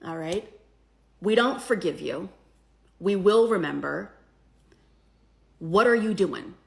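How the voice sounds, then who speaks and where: A woman's voice: mid-range voice, animated, slow, gravelly. A woman giving a heated commentary rant, indignant and rhetorical, tagging her points with questions. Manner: indignant, rhetorical, keeps asking "right?". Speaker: commentary creator.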